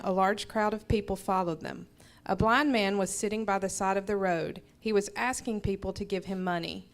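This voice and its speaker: A woman in a church Bible class reading a scripture passage aloud in a steady, plain way. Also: medium pitch.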